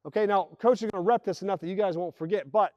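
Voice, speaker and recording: Talking fast in a high voice over lo-fi sound, a man coaches his team through plays in an indoor basketball gym. He energetically calls out each action and acts out the players' voices while explaining.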